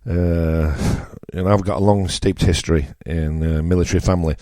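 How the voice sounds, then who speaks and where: A northern English radio host delivers a blunt, opinionated political monologue, ranting and driving his points home through repetition. His low-ish voice is steady and mellow at a moderate pace, recorded dry and close with no room sound.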